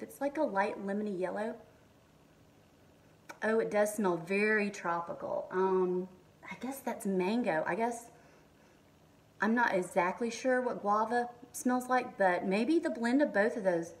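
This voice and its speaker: A middle-aged woman, chatting excitedly in a home kitchen as she unboxes beauty products, reading labels aloud with lots of ums. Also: medium pitch, far from the mic. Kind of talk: casual haul and unboxing chat.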